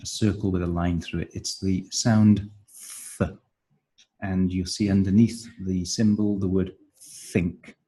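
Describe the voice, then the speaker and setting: Taking on the role of teacher trainer, this man guides listeners step by step through a training manual, speaking slowly with frequent ums and uhs. He has a low, warm, husky voice with little pitch movement, and the audio is poor.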